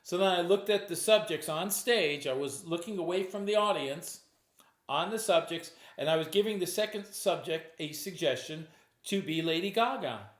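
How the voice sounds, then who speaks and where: With a high, fairly bright voice at a moderate pace, a man who works as a stage hypnotist relates a true story from his shows. The recording has a roomy sound, and his telling is loose and conversational, with restarts and acted quotes of himself.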